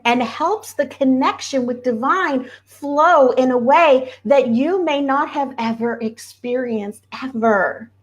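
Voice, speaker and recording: Earnest higher-voiced woman coach. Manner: earnest, repeats key phrases for emphasis. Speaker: spiritual coach. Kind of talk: casual livestream talk.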